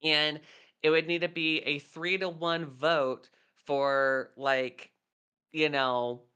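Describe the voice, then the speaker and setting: Woman in her thirties, podcast co-host, rambling anecdotes, bright smooth tone. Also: low-pitched, little pitch movement, extremely slow, highs cut off. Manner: rambling storyteller, many fillers. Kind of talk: casual chat.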